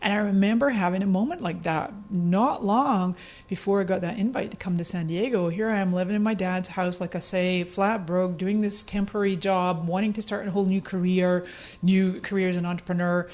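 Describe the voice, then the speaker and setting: A middle-aged woman with a Scottish accent, a podcast guest telling stories in casual talk. She laughs often and acts out her own past remarks in a higher voice. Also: fairly even intonation, a little fast, a little mellow. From Scotland. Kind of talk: casual storytelling interview.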